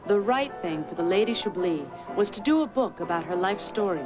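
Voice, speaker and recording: A woman reading scripted narration for a news magazine in a measured way. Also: mid-range voice, animated, over music.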